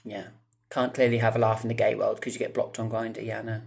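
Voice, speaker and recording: A vlogger in his 30s tells viewers a rambling storytime monologue, swearing freely and veering into asides. His fairly low, gravelly voice stays level in tone, and he talks fast.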